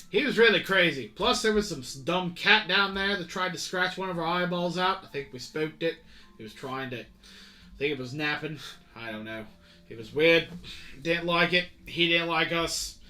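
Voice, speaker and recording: Man doing a rambling high-voiced sailor. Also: pushed and bright. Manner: rambling, loose slangy talk. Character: rough young navy sailor, man, gabby.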